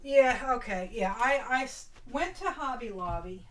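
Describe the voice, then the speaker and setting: A woman's voice: a little high, expressive, a little slow. A woman hosting a casual craft live stream, greeting chat viewers with affectionate pet names and folksy, old-fashioned exclamations.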